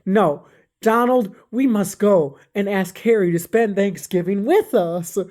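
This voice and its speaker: A calm, kindly mayor , as the woman telling the story puts him on, gently urging everyone toward peace. The voice stays close to her own everyday speaking voice. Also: mid-range voice, a little slow, natural voice. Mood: persuasive.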